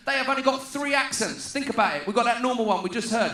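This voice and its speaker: High-voiced cheeky comedian with a southeast English accent. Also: male voice, fast talker, few pauses, bright, forceful tone, reverberant. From Luton, England. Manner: cheeky, playful, calls to the crowd. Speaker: stand-up comedian. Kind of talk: stand-up routine. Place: large stadium conference venue.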